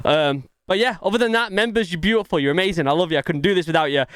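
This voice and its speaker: A man talks to his viewers in a chatty, upbeat way, doubling up his phrases. His voice sits a little high and comes across smooth and clear. The sound is dry and close, with no room around it. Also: racing, a bit bright, no room sound. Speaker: reaction video host. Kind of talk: casual chat to camera.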